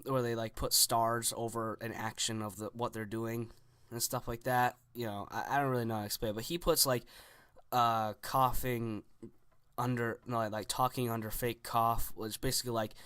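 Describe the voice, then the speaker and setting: Young man, teens, rambling casual storytelling, dry close sound, mid pitch. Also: level tone, moderate pace, fairly bright tone, clean tone, no echo. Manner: rambling, full of "like" and restarts.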